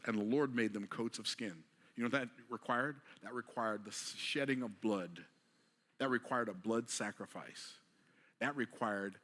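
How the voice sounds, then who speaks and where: A preacher with a bright, forward, medium-pitched voice gives a motivational sermon in plain, everyday vernacular. He keeps putting rhetorical questions to his listeners, sinking to a hush before building to a forceful, emphatic climax.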